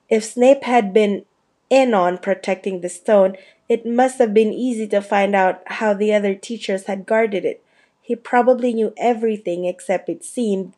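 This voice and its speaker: A woman narrates a storybook in a steady, unhurried way. Her voice is mellow and warm, sitting at a middling pitch for a woman. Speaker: audiobook reader.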